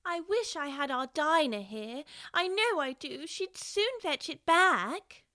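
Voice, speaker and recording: A woman's voice: high voice, lively intonation, slow pace, bright, forceful tone, pitched above the performer's own voice, full character voice. A woman voicing an eager, earnest little girl in a storybook.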